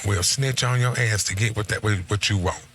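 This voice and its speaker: Laid-back middle-aged man, lowish voice, casual slangy storytelling. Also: normal speed, a bit bright, slight background noise. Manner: laid-back, slangy, quotes himself and his friend in conversation.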